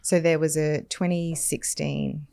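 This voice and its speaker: A woman, hosting a podcast and reading out statistics in a measured, firm way. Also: sits low, little pitch movement, gravelly, mellow, no echo, clean studio sound. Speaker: podcast host. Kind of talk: conversational podcast discussion.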